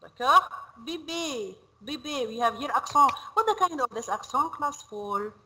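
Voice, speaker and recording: A woman leads a classroom lesson, her high voice bright and sharp. She drills each word again and again, slow and patient. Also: lively intonation, slight background noise, poor audio. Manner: repeats words slowly, drilling pronunciation. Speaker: French teacher. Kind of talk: classroom teaching. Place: school classroom.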